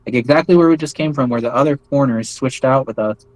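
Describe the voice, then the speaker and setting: A man's voice: medium pitch, quick pace, darkish tone, dry recording, rough recording. Rambling American man, dry close sound. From United States. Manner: rambling, many fillers and restarts. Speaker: interview guest recounting experiences. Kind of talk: casual spoken storytelling.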